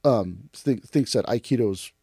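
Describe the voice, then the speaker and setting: Male podcast host, chatty and animated; dry, close sound. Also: a little slow, husky, no echo. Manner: animated, acts out mocking commenters in sudden high voices. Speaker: podcast host and martial arts teacher. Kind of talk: casual podcast chat.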